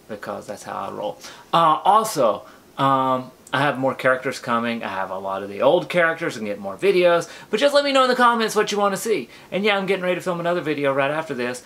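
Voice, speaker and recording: A man's voice: mid-range voice, a bit bright. A young man chatting casually to camera for his video channel, goofy and rambling. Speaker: YouTuber. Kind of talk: casual vlog chat to camera.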